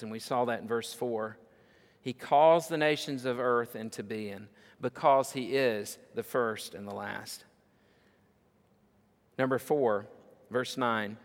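A pastor preaching a sermon, repeating key lines with rising, emphatic force. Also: male voice, mid-range voice. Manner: building to loud emphatic repetition. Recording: long hall reverb.

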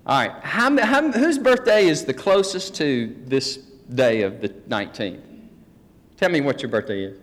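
A man's voice: mid-range voice, lively intonation, moderate pace. A man preaching a folksy teaching sermon, joking with his congregation. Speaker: pastor. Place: church sanctuary. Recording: long hall reverb.

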